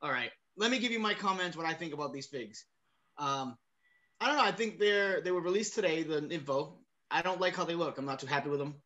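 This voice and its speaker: A man with a Boston accent co-hosts a casual toy-collecting show. His bright, slightly higher voice carries blunt, joking takes, and it often drops quiet as he finishes a thought. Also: lively intonation, fairly quick, muffled recording. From Boston area. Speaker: podcast co-host. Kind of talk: casual chat.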